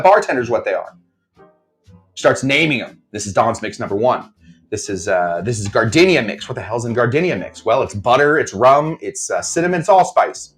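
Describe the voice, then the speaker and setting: Man, bartender, live-stream cocktail lesson, rambling and jokey, lively swooping pitch, faint music behind. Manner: animated, jokey, rambling, puts on mock voices for quotes. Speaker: bartender teaching a live online cocktail class.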